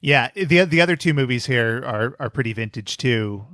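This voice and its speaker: A man's voice: mid-range voice, lively intonation, moderate pace, fairly bright tone, dry recording, studio quality. A man co-hosting a podcast, chatting casually with wry jokes and puns. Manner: wry, jokey, fond of puns. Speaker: podcast co-host. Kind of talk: casual chat.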